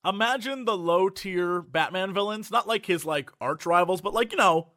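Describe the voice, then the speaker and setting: A man co-hosting a podcast in casual chat, animated and lively, now and then breaking into mocking voices. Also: high voice, moderate pace, dry recording, clean studio sound. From United States. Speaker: podcast co-host.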